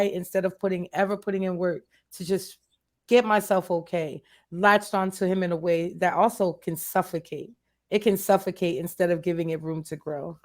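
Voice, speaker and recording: A woman with a medium-pitched voice is a guest in a candid interview. She speaks earnestly and emotionally, repeating phrases to drive her points home.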